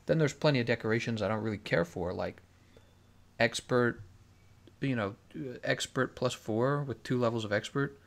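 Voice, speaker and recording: A man's voice: medium pitch, normal speed, creaky. A man streaming a game live, in casual commentary, reading chat questions aloud and musing on his answers in a laid-back way.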